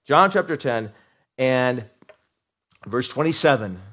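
A middle-aged man preaching a sermon, animated, repeating words for emphasis and asking his congregation questions. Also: medium pitch, slow pace. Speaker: pastor.

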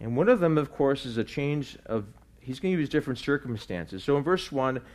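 A man's voice: medium pitch, animated, brisk, darkish tone. A man preaching a verse-by-verse sermon in a conversational way, with frequent fillers and restarts and repeated "right?" checks. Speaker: pastor. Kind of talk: sermon teaching through scripture.

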